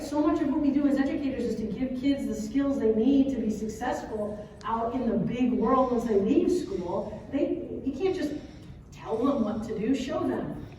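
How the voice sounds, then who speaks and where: A high, mellow female voice carries through a big echoing hall, heard from a distance with faint background hum. She is an educator in her thirties, telling stories in a chatty, animated way and checking in with the audience as she goes. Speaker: educator giving a conference talk. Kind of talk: conference talk with storytelling. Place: large hall at an educators' conference. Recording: echoey hall from far off.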